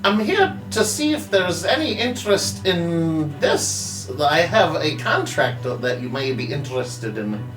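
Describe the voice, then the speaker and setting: Brief: easygoing tabletop player, slow and lively, heard from a distance in an echoey room. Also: mid-range voice, over music. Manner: slow, laid-back, laughs a lot. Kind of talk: playing a tabletop game.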